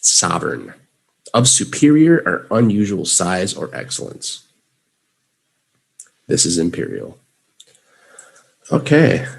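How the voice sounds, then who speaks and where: Students repeat vocabulary words after a man teaching English live, a Chicagoan with a Chicago accent. He has a low voice with vocal fry and a breathy edge.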